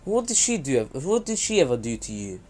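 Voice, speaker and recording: Man doing a young ninja who threatens low and quiet, fan retelling, casual read. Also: big pitch swings, a little fast, slight background noise, lightly acted. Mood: threatening.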